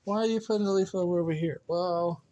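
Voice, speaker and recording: A man's voice: sits high, steady tone, quick pace, highs cut off, background noise. A sleepy, goofy man rambling playfully in a casual vlog, recorded outdoors in his yard on a phone held on a selfie stick. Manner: goofy, playful, sing-song, laughs often. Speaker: vlogger. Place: outdoor yard after mowing.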